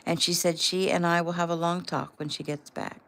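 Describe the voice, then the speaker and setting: Woman voicing a calm middle-aged dad, steady, reassuring, low storybook voice. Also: a little fast.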